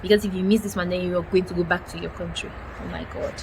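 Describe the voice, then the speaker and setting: Animated young woman telling a story. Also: lowish voice, fast talker, gravelly. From Cameroon. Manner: animated, exclamatory retelling with quoted dialogue. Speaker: vlogger. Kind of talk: storytelling vlog. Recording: noticeable background noise.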